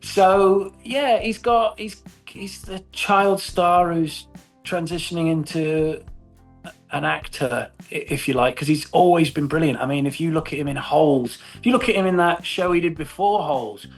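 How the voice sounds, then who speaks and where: A man's voice: fairly high pitch, moderate pace, faint music behind. A middle-aged man in a casual interview, telling stories with animation, swearing and laughing often. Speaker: actor guest.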